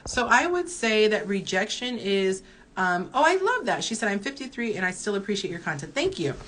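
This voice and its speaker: A woman's voice: mid-range voice, very animated, brisk, fairly bright tone. A woman in her early forties, a dating coach, giving candid advice in a chatty live-stream Q&A while reading viewer comments aloud. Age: early 40s.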